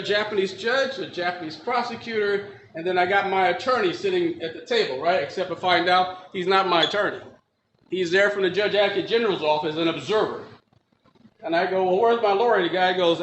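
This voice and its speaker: A man's voice: sits high, moderate pace, fairly bright tone, slight background noise. A man from Milwaukee giving a personal testimony, acting out the voices of the people in his story. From Milwaukee, Wisconsin. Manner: acts out dialogue in quotes, laughs at his own story. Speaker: testimony speaker. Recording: echoey room with faint ambience.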